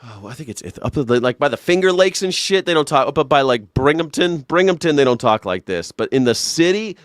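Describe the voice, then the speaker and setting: A man's voice: on the high side, expressive, fairly quick, few pauses, no room sound. Profane male host in a sarcastic rant, dry close sound. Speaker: live show host. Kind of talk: ranting reaction commentary.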